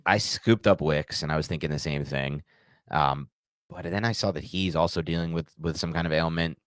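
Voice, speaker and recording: A man co-hosting a casual podcast chat in a jokey, animated way, often breaking into laughter. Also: rumbling low, moderate pace, no room sound, studio quality. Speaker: podcast co-host.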